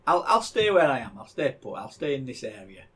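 A middle-aged man co-hosting a podcast, chatting casually in a husky voice. His pitch moves a lot, and he rambles and stumbles over the first words of his sentences. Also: big pitch swings, brisk, a bit bright. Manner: rambling, repeats words when starting. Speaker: podcast co-host. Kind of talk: casual chat.

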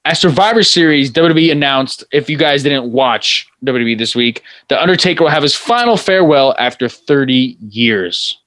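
A man's voice: medium pitch, expressive, fairly bright tone, no room sound. Guy casually running through wrestling recaps, medium voice, dry close sound. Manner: recaps matches in quick play-by-play. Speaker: podcast co-host. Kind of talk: casual chat.

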